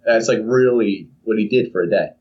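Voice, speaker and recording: Through a dull, far-off lo-fi mic comes a young man's fairly low voice, moving a little fast. Co-hosting a casual podcast, he wanders through a story while acting out silly voices.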